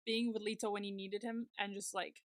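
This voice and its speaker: There's no echo as this young woman, a podcast co-host, speaks fairly quickly at a medium pitch and level tone. She excitedly walks through a TV episode in relaxed conversation, peppered with "like" and filler words.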